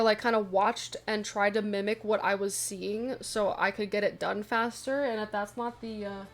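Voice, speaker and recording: A young adult woman casually chatting to her viewers, telling a funny story with lively asides. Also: mid-range voice. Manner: chatty, animated retelling with asides. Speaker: vlogger.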